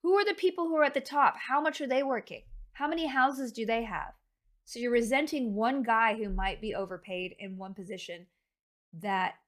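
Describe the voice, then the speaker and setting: Woman streamer, talkative and rambling, mid-range voice, casual chat. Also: medium pitch. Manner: chatty and rambling, talks to chat. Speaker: game streamer.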